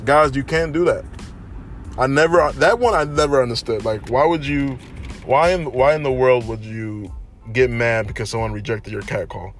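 A young man hosting a casual solo podcast, telling stories in an animated way and often saying "you know what I'm saying". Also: medium pitch, normal speed, faint music behind. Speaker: podcast host.

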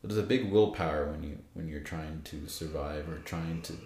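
A man's voice: a bass voice, moderate pace, reverberant, a crowd in the background. A man in casual chat, rambling as he retells film scenes. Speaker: co-host discussing a film.

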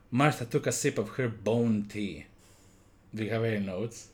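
A man's voice: lowish voice, normal speed. A man hosting a comedy podcast, telling an improvised story in a playful, profane way and laughing often.

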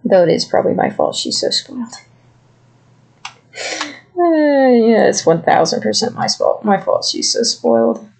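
Podcast guy rambling on, chatty, a bit of fry in his voice. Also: high-pitched, lively intonation, unhurried, pauses often. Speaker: podcast co-host. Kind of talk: casual chat.

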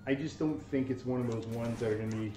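A man hosting a casual gaming talk, explaining things in a relaxed way with lots of fillers. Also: mid-range voice, fast, over music. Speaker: podcast co-host reviewing a game. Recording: roomy room sound, mic at a distance.

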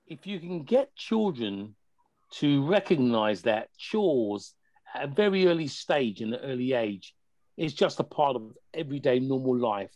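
A man, a family worker, explaining parenting advice in a measured way with hesitations. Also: mid-range voice, a little mellow, no room sound. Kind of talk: casual panel chat, advice.

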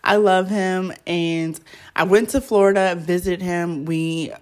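A woman's voice: fairly low pitch, steady tone, takes it slowly, darkish tone. A young woman hosting her own podcast, chatting casually and rambling with lots of fillers. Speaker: podcast host. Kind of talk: casual solo podcast chat.

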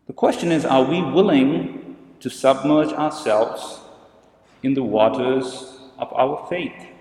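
A man's voice: on the high side, darkish tone, echoey room, in a large hall, poor audio. A man preaching a sermon as a priest, telling stories and posing questions to the congregation in a church.

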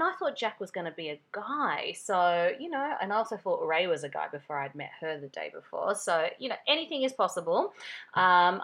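A young woman with an Australian accent talks straight to her listeners in a casual podcast monologue. She is chatty and tells stories, calling her audience guys. Her voice sits a little low for a woman. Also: a bit bright. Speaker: podcast host.

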